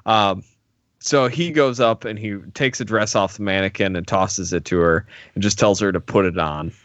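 A man's voice: lowish voice, moderate pace, fairly bright tone, no echo, lo-fi sound. A man co-hosting a podcast, recapping a TV episode in a laid-back casual chat. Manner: laid-back, laughs often. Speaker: podcast co-host.

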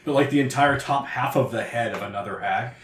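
A man's voice: medium pitch, a little fast, a bit bright, a little hiss or hum. Echoey game master man. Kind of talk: narrating a tabletop game.

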